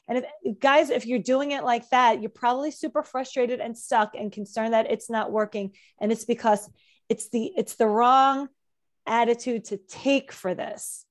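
High-voiced, emphatic woman coach. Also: fairly even intonation, normal speed. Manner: emphatic, repeats key phrases for effect. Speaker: anxiety coach. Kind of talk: podcast conversation.

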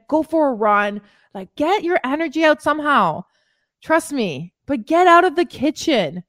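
Woman fitness coach, motivational podcast, high animated voice, dry close mic. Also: no echo. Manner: emphatic, repeats phrases for stress.

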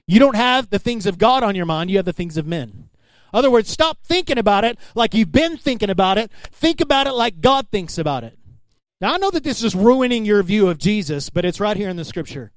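A man's voice: sits high, lively intonation, a little fast, dry recording. A man pastor preaching a sermon in a conversational way, calling out to the congregation.

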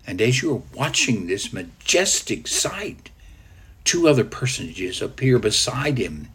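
A male preacher tells a sermon slowly, in a breathy, husky voice whose pitch rises and falls widely. He pulls the listener into the scene as "you", building to loud peaks and dropping to near-whispers. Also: sing-song. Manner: dramatic guided storytelling, swinging from loud to hushed.

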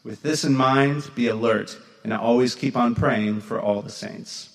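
Gravelly male scripture reader. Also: mid-range voice. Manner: measured, formal reading. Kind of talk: reading scripture aloud.

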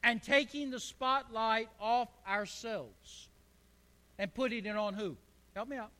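High-voiced preacher. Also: male voice, measured pace, sharp tone, big-room sound. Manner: fervent, calls on the congregation to answer. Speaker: pastor. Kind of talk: sermon. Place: church.

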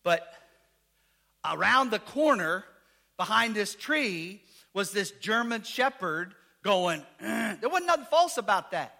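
High-voiced shouting male preacher. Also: big pitch swings, takes it slowly, gravelly. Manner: shouting, call-and-response, folksy slang. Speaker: pastor. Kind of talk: sermon.

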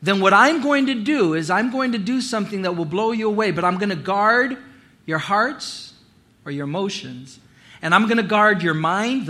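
A man, a pastor, preaching a sermon with animated storytelling. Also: high voice. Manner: animated storytelling, acting out voices and quotes.

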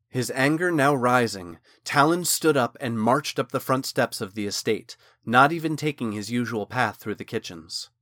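Male narrator, mid-pitched, measured fantasy storytelling, close and dry. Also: a bit bright, dry recording. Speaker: audiobook narrator. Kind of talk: scripted narration.

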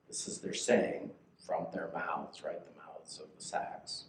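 A man's voice: a bass voice, steady tone, measured pace, a little hiss or hum. A male pastor giving a conversational sermon, reading and explaining scripture and checking in with listeners. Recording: echoey room.

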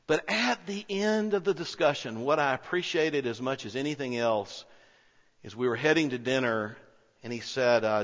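A man's voice: mid-range voice, unhurried, long pauses, a bit bright. A man preaching a sermon as pastor, telling a story in an earnest, conversational way. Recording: dull reverberant hall sound.

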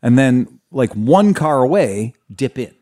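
A man hosting a casual podcast spins a rowdy story with plenty of swearing. His pitch swings widely as he acts out the people he met along the way. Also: unhurried. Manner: animated storyteller, swears freely, acts out voices in anecdotes. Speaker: podcast host. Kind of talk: casual chat.

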